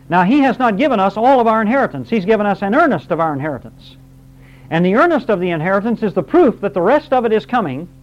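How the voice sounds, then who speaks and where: High-voiced man teaching a Bible class. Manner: explains verse by verse, reads scripture aloud, quizzes the class. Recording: dull lo-fi recording.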